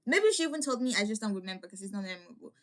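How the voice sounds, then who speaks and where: A woman's voice: medium pitch, animated, racing. A young woman vlogger telling a personal story in a casual, rambling way, full of "like" fillers and restarts.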